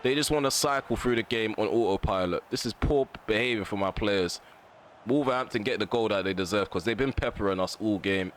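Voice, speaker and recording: A man's voice: lowish voice, fairly quick, slight background noise. A man commentating live on a football video game, ranting at his players and the referee and bursting out when chances come. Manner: excitable bursts at chances and goals. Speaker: gaming commentator.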